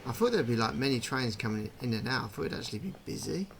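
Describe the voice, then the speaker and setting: A man's voice: medium pitch, animated, fast, creaky, noisy background. A man giving casual, chatty commentary while playing a train game, thinking aloud and puzzling over details. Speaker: gaming channel host.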